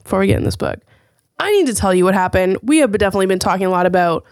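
A woman podcast host rattling through stories in a loose, casual way, cursing freely as she talks. Her voice sits at an ordinary pitch. The sound is dry and close, with no room around it. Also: quick pace, no room sound. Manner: chatty, swears freely, animated storytelling. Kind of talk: casual chat.

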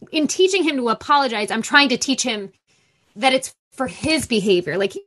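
A woman's voice: on the high side, expressive, moderate pace, a bit bright. A woman co-hosting a podcast, chatting candidly and frankly about parenting and swearing freely. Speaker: podcast co-host. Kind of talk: candid casual chat.

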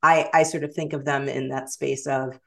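A middle-aged woman with a general American accent, chatting as a guest author, animated and quick to laugh, often restarting her sentences. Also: rumbling low, vocal fry. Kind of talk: casual interview chat.

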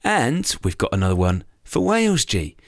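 A man's voice: mid-range voice, huge pitch swings, normal speed, no echo, clean studio sound. A man co-hosting a cycling podcast, reading club notices in an upbeat, chatty way. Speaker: podcast co-host. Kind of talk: casual chat.

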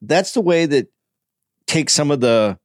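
A man's voice: a little high, lively intonation, unhurried, dry recording, clean studio sound. A man hosting a casual talk show, earnestly explaining his views and often restarting his sentences. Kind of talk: casual chat.

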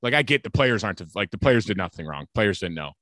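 A man's voice: fairly low pitch, sing-song, fast, pushed and bright, no echo, studio quality. Man on a heated, profane podcast rant. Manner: heated, profane ranting with mocking quotes. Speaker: podcast co-host. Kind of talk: ranting casual chat.

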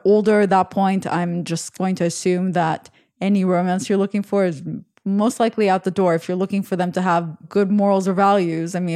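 A woman's voice: mid-range voice, a little mellow. Woman host, mid-range voice, casual and opinionated, dishing out blunt dating advice. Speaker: podcast host. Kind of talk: casual podcast chat.

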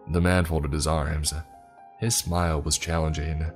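A man narrating a scripted first-person story in a steady, even way. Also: rumbling low, moderate pace, faint music behind.

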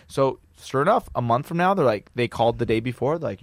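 A man's voice: medium pitch, expressive, brisk, hardly any pauses, no echo. A man in his forties telling a long casual story, profane and full of "dude" and "like". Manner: profane, peppers talk with "dude" and "like". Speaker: podcast guest storyteller.

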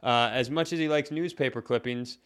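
A man's voice: medium pitch, a little fast, a bit bright, clean tone. A man co-hosting a comedy podcast, telling rambling stories full of self-corrections in casual chat. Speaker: podcast co-host.

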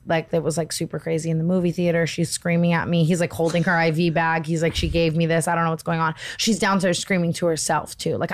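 A woman co-hosting a podcast, telling a story in casual chat with lots of fillers and acted-out quotes. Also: fairly low pitch. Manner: animated retelling, acts out quoted voices, many "like" fillers. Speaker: podcast co-host.

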